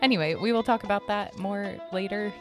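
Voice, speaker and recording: A woman hosting a podcast in casual, rambling chat, her voice a little hoarse from recently losing it, chipper and laughing often, on a desk mic at home. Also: medium pitch, brisk, music in the background. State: hoarse, recovering from lost voice. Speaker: podcast host. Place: home room decorated for Halloween.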